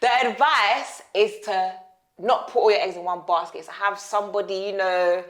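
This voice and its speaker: A young woman co-hosting a casual podcast chat, animated, laughing often and repeating herself. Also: mid-range voice, normal speed. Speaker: podcast co-host. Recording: echoey room.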